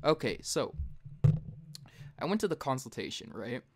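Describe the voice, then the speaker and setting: A young man hosting a casual late-night podcast, retelling a story in a profane, heated way. He jumps high and loud when he imitates himself. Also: very animated, normal speed. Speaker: podcast host.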